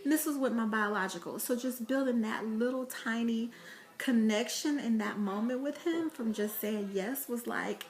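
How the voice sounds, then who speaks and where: A woman's voice: a little high, normal speed. A woman vlogging about parenting, telling chatty stories to camera with laughter and fillers. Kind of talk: casual vlog talk to camera.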